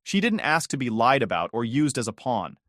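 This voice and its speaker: A man's voice: medium pitch, very animated, moderate pace, fairly bright tone, no room sound, clean studio sound. A man narrating a scripted first-person family drama story, with bitter, emphatic phrasing and rising questions.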